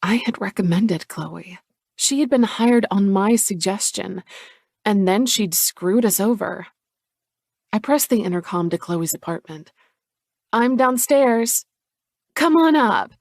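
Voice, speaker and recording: Woman reading a romance audiobook, low voice with some fry, dry close sound. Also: measured pace, darkish tone, dry recording. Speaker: audiobook narrator. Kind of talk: scripted romance narration.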